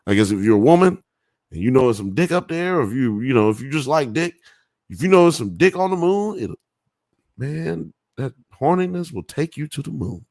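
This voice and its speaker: A man's voice: medium pitch, very animated, fairly quick, creaky, darkish tone, dry recording, clean studio sound. A man hosting a live podcast, reading chat comments aloud in a rambling, profane way and laughing often. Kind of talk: casual live-stream chat.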